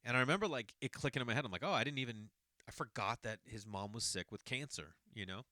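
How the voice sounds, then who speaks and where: Talking fast in a mid-range voice that sounds pushed and bright, a Boston-area podcast host in his forties tells a long personal story. His casual monologue wanders and keeps correcting itself. The audio is studio quality, with no room sound.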